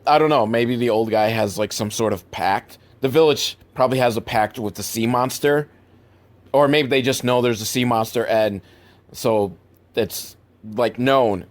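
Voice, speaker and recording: A man's voice: mid-range voice, normal speed. Rambling, profane male movie reviewer. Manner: rambling, profane, laughs at bad filmmaking. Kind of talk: casual rambling movie recap.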